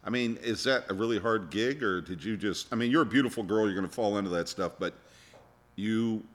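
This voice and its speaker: A man's voice: fairly low pitch, brisk. A man hosting a podcast, blunt and crude in his teasing, then asking his guest questions. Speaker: podcast host. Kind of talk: casual chat.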